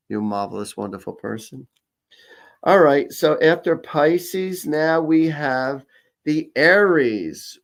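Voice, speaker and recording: A middle-aged man with a mid-range voice who hosts a casual psychic reading show. He rambles through personal stories and restarts his sentences often. He tosses in jokes and laughs as he reads horoscopes for viewers. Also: mid-range voice. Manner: rambling storyteller, jokey, many restarts. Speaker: psychic and comedian host. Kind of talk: casual live-stream chat and horoscope reading.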